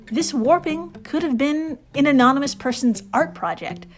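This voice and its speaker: New woman hosting a podcast, somewhat high voice, loose and profane, soft guitar music underneath. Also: normal speed. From New York. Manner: chatty, swears freely, laughs at own asides. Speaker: podcast host. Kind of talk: casual storytelling podcast.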